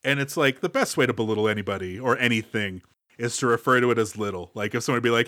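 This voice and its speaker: A man's voice: medium pitch, very fast, no echo, studio quality. A man co-hosting a casual movie podcast, recapping scenes with playful jokes and asides. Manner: animated, jokey, recaps plot with playful asides. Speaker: podcast co-host.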